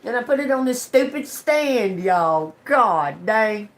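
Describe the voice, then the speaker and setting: A woman's voice: fairly high pitch, lively intonation, slow pace. A woman chatting on a live stream from home into her phone, rambling, cursing and laughing as she tells a story. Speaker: tarot reader. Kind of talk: casual live-stream chat.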